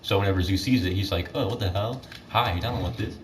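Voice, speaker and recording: A teenage boy rambles through a story mid-game, piling up fillers and correcting himself as he goes. His voice sits somewhat low. The mic is set back from him, and steady noise runs underneath. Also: fast. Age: teens. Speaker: gamer retelling myths. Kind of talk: casual gaming commentary. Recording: distant mic with clear background noise.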